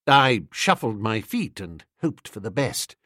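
Lively male audiobook narrator. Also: on the low side, a little slow, no echo, clean studio sound.

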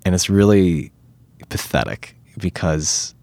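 Man, very low voice, dry close sound, casual interview, animated storytelling, lots of fillers. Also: slow, dry recording. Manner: animated storytelling, many fillers, swears freely. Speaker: actor, interview guest.

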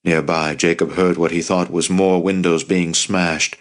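A man narrating an audiobook in a steady, measured reading voice. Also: deep voice. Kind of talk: scripted narration.

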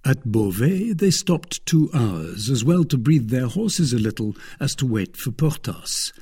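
A man narrating a classic adventure novel in a steady, even reading voice. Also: mid-range voice, measured pace, slightly rough. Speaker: audiobook narrator. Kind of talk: scripted narration.

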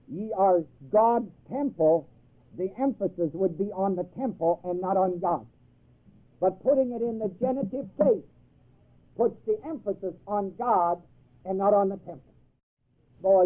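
A man teaching a Bible class in a sermon style, emphatic, quizzing his listeners with questions. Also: high voice. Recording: tinny phone-like old tape.

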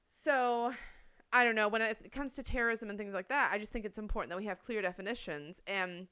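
Brisk and forceful, this woman's medium-pitched voice comes across bright, clear and resonant. As a podcast co-host in a relaxed conversation, she explains her take at length, full of fillers with a swear word here and there.

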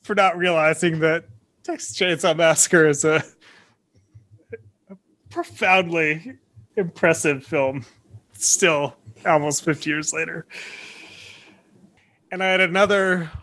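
Bright-voiced animated man telling stories. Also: on the high side, slow, long pauses. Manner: animated storytelling, laughs often, restarts. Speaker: podcast co-host, college teacher. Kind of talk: casual chat.

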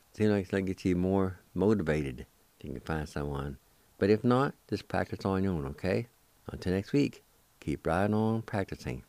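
A man hosting a radio language lesson, who sounds out words slowly syllable by syllable and patiently encourages listeners to practice. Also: low voice, darkish tone, no room sound. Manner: slow, careful syllable-by-syllable pronunciation.

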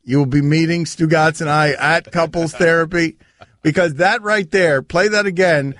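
A man hosting sports talk radio, riffing in an animated way on a studio mic. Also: on the high side, normal speed, no echo.

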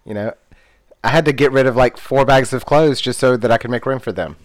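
A man's voice: medium pitch, fairly quick, dry recording. Terse man, dry close sound. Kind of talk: casual chat.

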